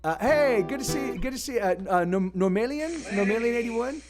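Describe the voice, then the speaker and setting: A man's voice: very high-pitched, lively intonation, moderate pace. A man hosting a live music stream, chatting casually and rambling in a friendly way as he greets viewers by name. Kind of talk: casual livestream chat. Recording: guitar music in the background.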